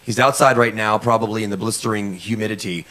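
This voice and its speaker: A man's voice: lowish voice, fairly even intonation, fast talker, pushed and bright. A man hosting a talk show in a studio, teasing his guests in a loose, brash way. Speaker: host. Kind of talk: casual chat.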